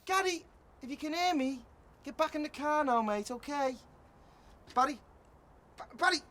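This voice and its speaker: An actor playing a jittery young male crook who talks in an agitated, shouting way. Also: extremely high pitch, moderate pace. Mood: panicked. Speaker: crook in a heist.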